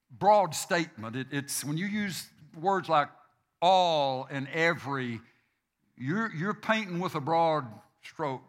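A man preaching a sermon, slow and deliberate, repeating phrases for emphasis. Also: on the high side, fairly bright tone. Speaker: pastor.

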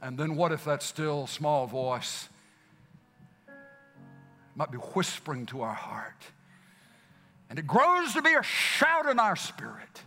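A man preaching a sermon, repeating phrases for emphasis and swinging from loud exclamations down to hushed whispers. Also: fairly high pitch, big pitch swings, slow pace, pauses often. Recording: long hall reverb with faint music.

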